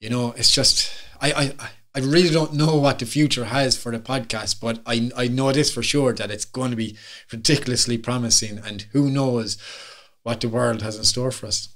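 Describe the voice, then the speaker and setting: A man with an Irish accent, a podcast guest talking hopefully, with halting restarts, in a casual chat. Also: medium pitch, steady tone, fairly bright tone.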